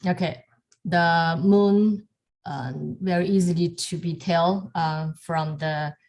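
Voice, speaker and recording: A woman with a lowish voice teaches calligraphy over a video call at an unhurried pace. She talks in halting pieces and often stops to restart a thought. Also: steady tone. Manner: halting, many fillers and restarts, soft laughs. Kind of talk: online lesson demonstrating strokes.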